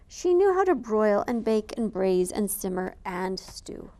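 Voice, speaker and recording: Expressive woman reading a storybook aloud. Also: mid-range voice, measured pace, few pauses. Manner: expressive, animated read-aloud. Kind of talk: reading a picture book aloud.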